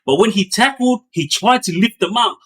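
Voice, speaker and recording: Middle-aged guy telling prison stories, slightly high voice, lots of ums, acts out the action. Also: moderate pace. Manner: animated, acts out sounds and quotes with bursts of raised pitch; many fillers and restarts, loose slangy delivery. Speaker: former gang member sharing prison stories. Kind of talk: casual storytelling.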